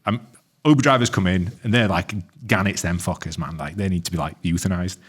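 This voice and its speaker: Another casual podcast story comes from a co-host with a low, husky voice and a slightly quick pace. He swears freely and plays both sides of the exchange.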